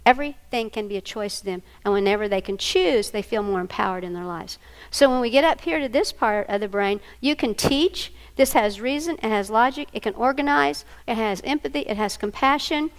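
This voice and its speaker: A woman's voice: on the high side, brisk, hardly any pauses, smooth, rough recording. A woman giving a training workshop, animatedly acting out scenes with volunteers. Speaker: workshop presenter. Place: conference room before an audience.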